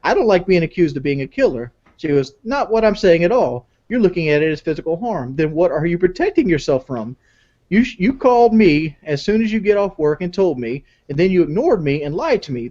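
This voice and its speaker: A young man talks fast and loose on a podcast, tripping over his words and restarting. His voice sits a little high. The audio sounds dull and lo-fi. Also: mellow. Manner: stammering, repeats himself, reads messages in a high mocking voice. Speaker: podcast guest reading texts aloud. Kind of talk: casual podcast banter.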